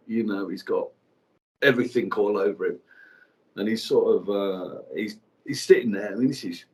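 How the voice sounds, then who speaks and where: A man in his forties telling a personal story to an audience, frank and halting, with many fillers and restarts. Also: medium pitch, darkish tone. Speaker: guest speaker.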